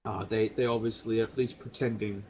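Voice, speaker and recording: A man's voice: on the low side, fairly even intonation, normal speed, a little mellow, a little hiss or hum. A man running a tabletop game as game master, narrating with lots of fillers and self-corrections.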